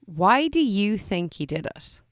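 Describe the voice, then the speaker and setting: A woman co-hosting a casual chat podcast, blunt and quick with wry one-liners. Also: medium pitch, big pitch swings, no room sound, clean studio sound. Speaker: podcast co-host.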